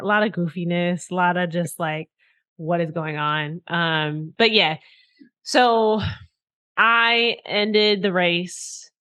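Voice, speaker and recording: With a fairly bright tone on the low side, a young adult woman shares a story as a podcast co-host in relaxed conversation. She voices the quotes herself and swears freely.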